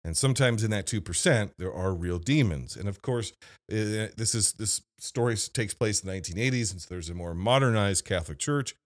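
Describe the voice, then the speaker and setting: Male host, lowish voice, rambling off-the-cuff film review at the mic. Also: animated, a little fast. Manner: rambling, thinking aloud with restarts and asides. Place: video store. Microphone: studio microphone.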